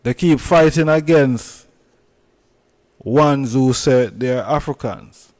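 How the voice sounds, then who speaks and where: Slow-talking Jamaican man hosting. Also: mid-range voice, darkish tone. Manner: repetitive, emphatic, drawn-out phrasing. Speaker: channel host. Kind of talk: casual commentary vlog.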